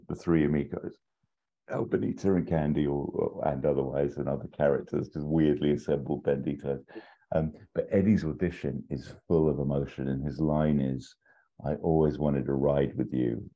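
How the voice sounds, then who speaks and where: Man, casual rambling storyteller. Very deep and dark-toned, dull lo-fi recording. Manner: rambling, many fillers and restarts, acts out quotes. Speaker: podcast co-host pitching a story.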